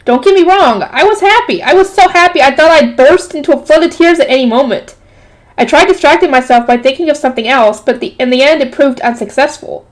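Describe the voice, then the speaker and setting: A woman reading a light novel aloud, stopping often to add casual jokey comments. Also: high voice. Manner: breaks off to comment and joke. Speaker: reader.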